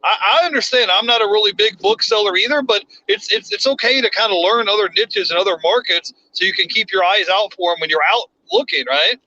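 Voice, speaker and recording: A man's voice: high-pitched, a little fast, few pauses, pushed and bright, dull audio. A man hosting a casual live stream, rambling a little, restarting his sentences and reading viewer comments aloud. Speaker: livestream host.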